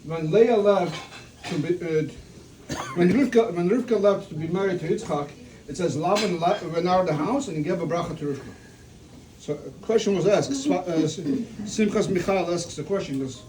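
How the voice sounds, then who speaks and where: A man's voice: sits high, moderate pace. Guy telling a story at a family thing, lots of rhetorical questions, mic kinda far off, a little room hum. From Russia. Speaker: family member giving a eulogy. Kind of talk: informal religious talk at a family gathering. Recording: distant mic with faint room noise.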